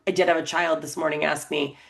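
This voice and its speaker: A woman's voice: sits low, flat delivery, fast, vocal fry. A woman in her thirties co-hosting a podcast, chatting casually and playfully, laughing often. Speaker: podcast co-host. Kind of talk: casual chat.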